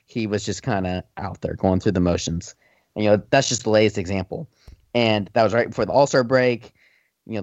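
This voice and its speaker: A man with a fairly low voice talks casually on a podcast, rambling along with plenty of fillers. His audio is dull and lo-fi, and the sound is completely dry. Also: a little mellow, no echo. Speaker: podcast co-host. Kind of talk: casual sports chat.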